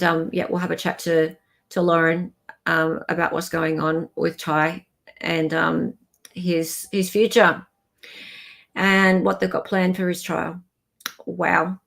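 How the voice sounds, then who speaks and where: Gravelly woman hosting a stream. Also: lowish voice. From Australia. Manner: loose, meandering announcements to viewers. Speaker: livestream host. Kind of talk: casual livestream chat.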